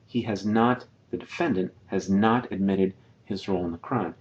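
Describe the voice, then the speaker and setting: Male teacher with a low voice, patient and methodical, recorded with slightly muffled lo-fi sound. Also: moderate pace, hardly any pauses, darkish tone. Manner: patient, explains step by step, repeats example sentences. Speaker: Spanish teacher. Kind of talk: slide-based grammar lecture.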